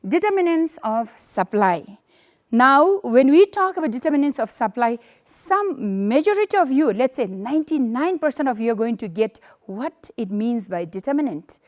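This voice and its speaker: A woman's voice: high-pitched, animated, normal speed, a little mellow. A woman teaching an economics lesson, explaining step by step with frequent fillers and repetitions. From Bhutan. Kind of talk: recorded classroom lesson.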